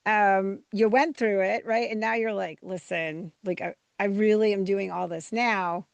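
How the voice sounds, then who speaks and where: A woman's voice: mid-range voice, steady tone, normal speed, vocal fry, clear, resonant tone, dry recording. A woman hosting a podcast interview, chatting in a rambling, easygoing way as she sets up her questions. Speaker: podcast host. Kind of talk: casual interview.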